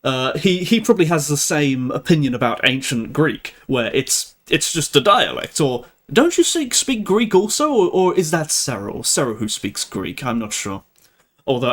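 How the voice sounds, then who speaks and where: A man's voice: mid-range voice, lively intonation, normal speed, fairly bright tone. A young man hosting a live stream, chatting casually with viewers, laughing often and restarting his sentences. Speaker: livestream host.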